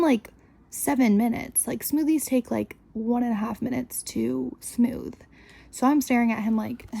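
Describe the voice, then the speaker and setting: Young female podcast host, chatty storyteller, husky, slightly high voice. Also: mellow. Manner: chatty, exasperated, full of "like". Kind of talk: casual storytelling monologue.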